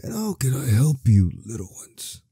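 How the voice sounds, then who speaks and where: A man voicing a kindly old male bard who slowly tells a tale to children in a video game playthrough. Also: medium pitch, very animated, background noise. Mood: gentle. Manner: slow, gentle storytelling to children.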